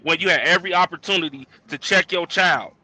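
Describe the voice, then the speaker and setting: Man calling in while driving, high bright voice, keeps pushing the same question. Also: fast. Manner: insistent, keeps cutting in with repeated questions. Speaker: caller. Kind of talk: casual call-in debate. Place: in a moving vehicle.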